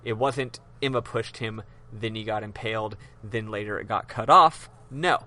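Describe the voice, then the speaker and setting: A man's voice: fairly low pitch, moderate pace, sharp tone. A man hosting a podcast, casually retelling a game's story in loose, profane chat with lots of ums. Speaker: podcast host. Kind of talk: casual game recap chat.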